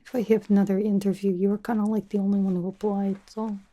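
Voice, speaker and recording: A young woman voicing a brash, teasing female spy who interviews a recruit, in whispered role-play with a soft, half-whispered, rambling way of talking. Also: mid-range voice, flat delivery, fast, natural voice. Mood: playful teasing. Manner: teasing, chatty, self-absorbed, drops articles. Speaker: ASMR creator.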